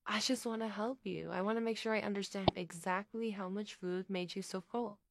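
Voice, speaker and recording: A woman voicing a teasing man who keeps pressing with mock-gentle questions, in a story reading. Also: medium pitch, steady tone, moderate pace, vocal fry, heavy background noise, natural voice.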